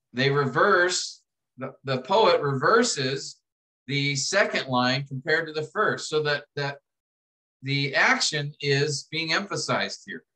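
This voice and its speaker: A man lecturing to a class, walking students through an assignment step by step, restarting phrases and slowing down to read verses aloud. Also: a little high, pushed and bright, rough recording. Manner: explanatory, repeats and restarts phrases, reads verses slowly. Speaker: instructor.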